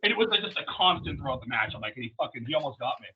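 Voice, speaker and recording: Brief: rapid, husky male storyteller, crude and rambling, on dull lo-fi audio. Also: medium pitch, very noisy. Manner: profane, rambling, animated storyteller. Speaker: wrestler guest. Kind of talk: casual storytelling interview.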